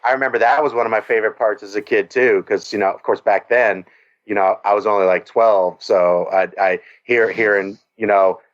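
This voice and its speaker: A man in his late thirties, a podcast panelist talking casually with halting, enthusiastic fillers, heard over dull lo-fi call audio. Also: on the low side, fairly even intonation.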